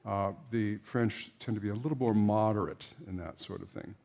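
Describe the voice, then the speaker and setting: A man's voice: fairly low pitch, moderate pace, gravelly, darkish tone. An older man giving an informal opera lecture to a class, chatty and anecdotal, with frequent fillers and restarts.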